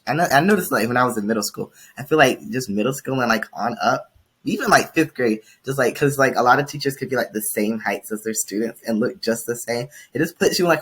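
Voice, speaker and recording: A man's voice: medium pitch, fairly bright tone, slightly rough. A young man, a student teacher co-hosting a podcast, chatting in a rambling way with lots of fillers and big swoops up for quoted lines. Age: young adult. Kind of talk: casual podcast chat.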